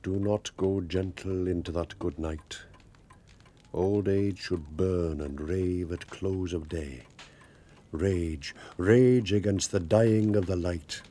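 An actor playing a gentle, romantic older man, speaking softly and earnestly in a husky voice. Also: low voice, fairly even intonation, slow. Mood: tender. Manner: soft, earnest, poetic.

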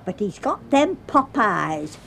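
An actress playing a gossiping, sharp-tongued older mother, needling her grown daughter. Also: medium pitch, slow, vocal fry, slight background noise, full character voice. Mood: scornful. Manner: sharp-tongued, needling, lively sing-song delivery.

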